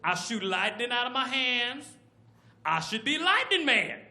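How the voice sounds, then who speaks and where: A man performing a stand-up comedy routine on a club stage, talking in excitable loud bursts and putting on voices for his characters. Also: extremely high pitch, unhurried. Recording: roomy live club sound, crowd laughter.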